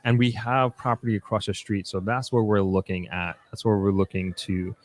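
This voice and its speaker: A young man talks casually on a live stream, going through viewer questions one by one. His voice sits a little low, and his answers ramble with restarts, fillers and small asides. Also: fairly even intonation, moderate pace. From New York, United States. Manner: reads out comments then answers, with frequent restarts and fillers. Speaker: livestream host answering viewer comments.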